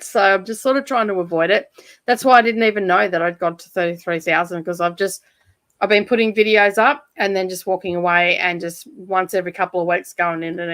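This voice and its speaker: A woman's voice: fairly low pitch, a bit bright, no echo. Chatty Australian woman, dry close sound. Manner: chatty, swears lightly, laughs often. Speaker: livestream host of reading sprints. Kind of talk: casual chat. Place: home room by a side street.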